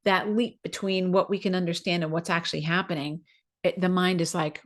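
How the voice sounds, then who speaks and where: A woman's voice: lowish voice, steady tone, a little fast. A woman hosting a podcast, telling a personal story in a conversational way, acting out her own thoughts as quoted asides. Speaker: podcast host.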